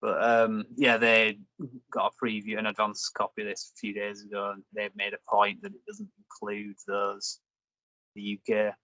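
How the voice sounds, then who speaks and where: A man's voice: fairly low pitch, level tone, moderate pace, sharp tone, no echo, rough recording. A young man hosting a review video, rambling and joking in casual chat. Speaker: reviewer and host.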